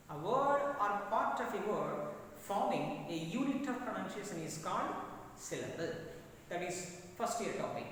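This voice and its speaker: A man with a Telugu accent, a native Telugu speaker, teaching an English class in a slow, deliberate lecture style and repeating key words for his students. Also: very high voice, recorded from a distance, slight background noise. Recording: echoey hall recorded from afar.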